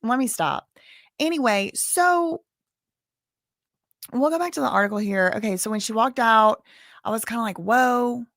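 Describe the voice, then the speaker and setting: A woman's voice: fairly high pitch, normal speed, pauses often, a bit bright, no room sound, studio quality. Chatty, rambling streamer woman. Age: 30s. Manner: chatty, self-deprecating, rambling with restarts. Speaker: commentary streamer. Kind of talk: casual chat.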